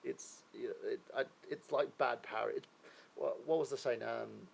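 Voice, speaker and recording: A man's voice: medium pitch, measured pace, creaky, poor audio. A man hosting a live stream, chatting casually and rambling through his opinions while asking viewers questions; he sounds a little unwell.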